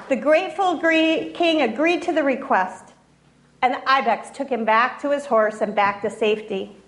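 A woman telling a fable in a gentle storytelling manner, with restarts and asides. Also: sits high, normal speed. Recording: roomy echo.

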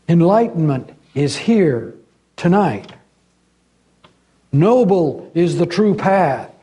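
An older man voicing a phony male guru in a sermon reading, slow and calm. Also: on the high side. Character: phony male guru, serene then snarling.

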